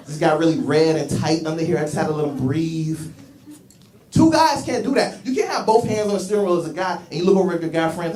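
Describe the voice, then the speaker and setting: A high-pitched man doing stand-up, telling his stories with lively energy and slipping into voices for the people in them. His voice comes from some distance off the mic, and the room carries a noticeable echo. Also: fast talker. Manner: animated storytelling, voicing characters in his bits. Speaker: stand-up comedian. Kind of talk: stand-up comedy set. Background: audience laughter.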